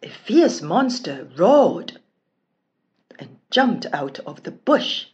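A woman narrating a children's storybook in a slow, expressive, careful reading voice. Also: lowish voice, husky, highs cut off.

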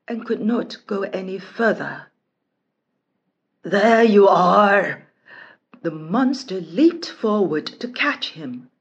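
A woman narrating a children's storybook in a slow, expressive, careful reading voice. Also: fairly high pitch, husky, dull audio.

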